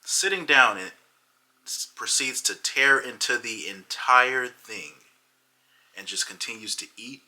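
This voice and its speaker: A man telling a funny personal story in a casual, animated way. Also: mid-range voice, a little slow, rough recording. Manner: animated, dramatic retelling. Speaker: vlogger.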